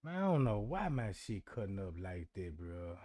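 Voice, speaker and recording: Casual livestream host calling everyone bro. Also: male voice, on the low side, sing-song, normal speed, mellow. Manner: loose, frustrated, addresses chat as bro.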